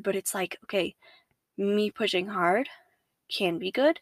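A young woman, a podcast guest, talking casually about faith, animated, laughing often and acting out her own inner voices. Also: mid-range voice, a little slow, no room sound.

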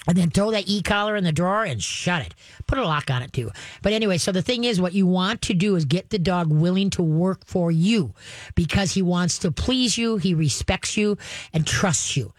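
A woman's voice: lowish voice, no room sound, clean studio sound. A woman who hosts a call-in advice show as a dog trainer, talking in a folksy, emphatic way and using playful sayings.

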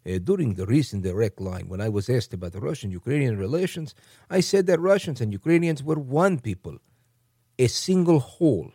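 A man doing an impression of a Russian head of state, reading a formal statement slowly and stiffly in a lower voice. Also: big pitch swings, mellow, husky, no room sound, studio quality.

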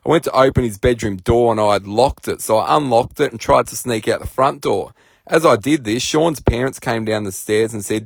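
A man's voice: mid-range voice, a little fast, creaky, breathy edge, no echo, clean studio sound. A man with an Australian accent, calling in to tell a self-mocking story in a laid-back way. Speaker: caller. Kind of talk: storytelling voice message.

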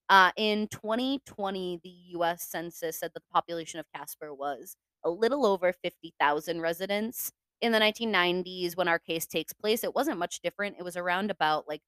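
A woman's voice: fairly low pitch, a bit bright, no echo. A young woman hosting a casual podcast, chatty and swearing freely, with lots of fillers. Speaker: podcast host. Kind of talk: casual true-crime podcast chat.

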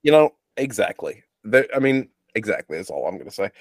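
A man's voice: on the low side, very animated, a little fast, no echo, clean studio sound. A man from the United States co-hosting a podcast in casual chat, with wry, sarcastic asides. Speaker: podcast co-host.

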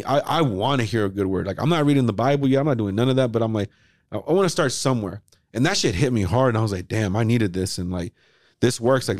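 A man hosting a casual podcast chat, talking in an animated way, swearing freely and acting out his own past thoughts. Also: medium pitch, no room sound, clean studio sound. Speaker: podcast host.

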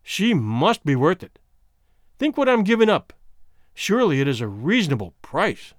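A man's voice: sits high, very animated, no echo, clean studio sound. Mesner, a man playing a smug scheming talker. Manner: deliberate, judicial, mock-apologetic. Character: scheming, smooth-talking man, wordy and mock-polite.

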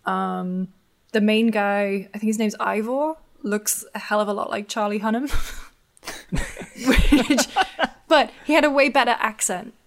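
A woman's voice: mid-range voice, unhurried, vocal fry. A woman from the north of England talks with a mixed accent that has picked up American traces. She co-hosts a casual podcast chat, chatty and self-deprecating, trailing off with ums. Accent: mixed Northern English with American traces. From Newcastle, north of England. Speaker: podcast co-host.

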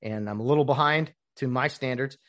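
A man's voice: medium pitch, a little fast, fairly bright tone. A man hosting a casual solo podcast. He is opinionated and rambling, with mocking asides. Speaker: podcast host.

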